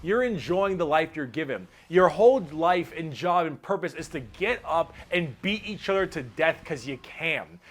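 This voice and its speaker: A man narrating an explainer video in a casual, energetic, playful way, swearing now and then. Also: on the high side, normal speed, few pauses.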